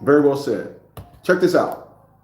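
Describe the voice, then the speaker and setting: A man's voice: mid-range voice, very animated, measured pace, reverberant. A man in his fifties ranting in a preachy, profane monologue, often repeating himself. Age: 50s. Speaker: vlogger.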